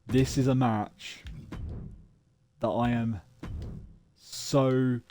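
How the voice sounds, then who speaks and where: Male streamer, unhurried and easygoing, warm low voice, excitable joking commentary. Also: slight background noise. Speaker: gaming streamer. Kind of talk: casual live-stream commentary.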